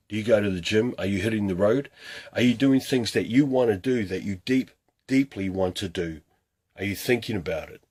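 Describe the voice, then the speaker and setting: A man's voice: deep voice, breathy edge. A man talking to camera as a fitness coach, urging viewers with a string of earnest rhetorical questions. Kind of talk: motivational talk to camera.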